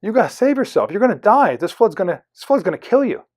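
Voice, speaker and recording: A man's voice: sits high, sing-song, fast talker, a little mellow, pitched above the performer's own voice. A man voicing a frantic male helicopter rescuer pressing someone to get in.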